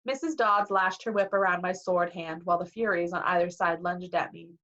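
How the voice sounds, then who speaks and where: A woman reading a novel aloud in a lively way, acting out the dialogue, on a dull lo-fi recording. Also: fairly low pitch, brisk. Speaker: reader.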